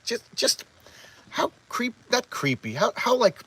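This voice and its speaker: A man casually walking through a comic book issue, rambling and halting with lots of restarts, openly enthusiastic about the panels he loves. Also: very high-pitched, very animated, sharp tone, slightly rough, low-quality recording. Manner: rambling, halting, stumbles over words. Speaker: comic book collector reviewing back issues. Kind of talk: casual comic review chat.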